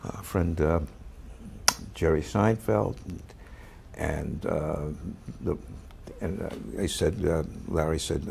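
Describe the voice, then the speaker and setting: Gravelly older man spinning an anecdote. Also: low voice, a little hiss or hum. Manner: halting, many fillers and restarts; acts out quoted lines with sudden shouts. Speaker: actor recalling a past role. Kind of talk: anecdotal storytelling.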